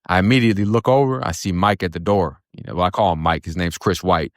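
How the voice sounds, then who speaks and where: A man from Florida with a very low voice tells his story in blunt, profane, streetwise talk. The sound is dry and close, with no room around it. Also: quick pace, no room sound. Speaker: storyteller recounting his own past. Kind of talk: casual spoken storytelling.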